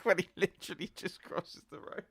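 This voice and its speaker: A man's voice: sits high, creaky, dry recording, clean studio sound. A man co-hosting a podcast, joking along and laughing as he chats casually about a film. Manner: animated, laughing, quick to joke along. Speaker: podcast co-host. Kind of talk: casual film review chat.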